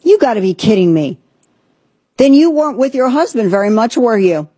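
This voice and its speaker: A woman's voice: a little high, big pitch swings, normal speed, dark tone, slightly rough, dry recording. A woman hosting a political commentary show, talking in an indignant, sarcastic, emphatic way. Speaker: host.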